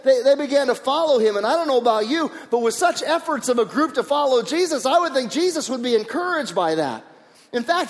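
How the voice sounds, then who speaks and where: A man preaching a sermon, telling stories in an animated way with many restarts and repeated words. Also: very high-pitched, big-room sound. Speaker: pastor.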